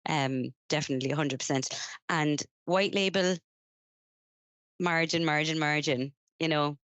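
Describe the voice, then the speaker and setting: Woman, low smooth voice, dry close sound, casual podcast host with practical tips. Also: a little slow, a bit bright, no echo, lo-fi sound. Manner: practical advice-giving, fillers and repeats. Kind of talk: casual business chat.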